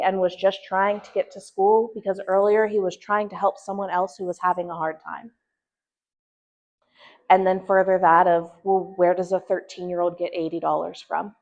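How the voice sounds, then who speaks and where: A woman presenting to a church group, speaking earnestly and thoughtfully, with pauses and restarts as she reflects. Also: medium pitch. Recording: dull lo-fi recording.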